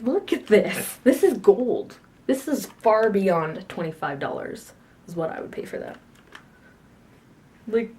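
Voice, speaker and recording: With a darkish tone on the low side and a little hiss or hum audible, a teen girl rambles about her day in a casual vlog. Her chat to camera is cheeky and self-mocking, broken up by frequent laughter.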